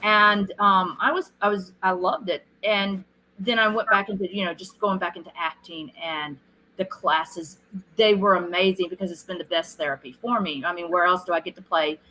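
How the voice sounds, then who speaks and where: A middle-aged woman, a film director being interviewed, telling stories in a casual, animated way and acting out what people said. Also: lowish voice, normal speed, a little hiss or hum, poor audio. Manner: animated storyteller who acts out quoted lines.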